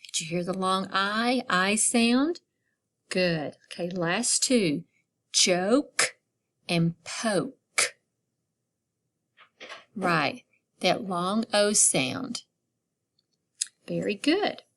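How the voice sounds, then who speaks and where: A woman teaching a phonics lesson to young children online, stretching out each word and praising warmly. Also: mid-range voice, animated. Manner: slow, drawn-out word modeling with encouraging praise.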